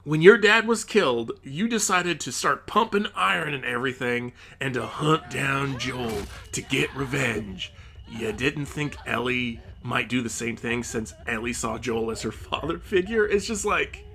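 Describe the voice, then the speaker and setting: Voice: medium pitch, pushed and bright. A gaming commentator in a profane, exasperated rant about a game, with frequent outbursts of rising disbelief.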